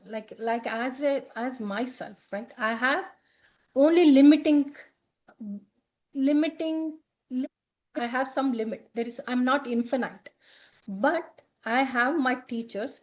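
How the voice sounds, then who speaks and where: A woman teaching a healing session, explaining earnestly and often repeating and rephrasing herself as she goes. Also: sits high. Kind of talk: explaining during a live session.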